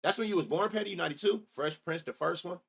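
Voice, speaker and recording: Speaking fast in a high, creaky, slightly bright voice, a middle-aged man hosts a sports betting live stream. A little hiss or hum sits under the audio. He talks loosely and with plenty of profanity, looking back on old times and responding to his chat.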